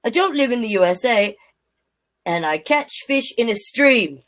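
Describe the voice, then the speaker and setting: A grumpy male koala voiced by a woman protests in a put-on Australian accent, swinging his pitch up and down like a singsong picture-book reading. He takes his time, leaning on each rhyming line as he sulks about being called a bear. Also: expressive, unhurried, fairly bright tone. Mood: indignant. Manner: indignant, sing-song rhyming storybook reading.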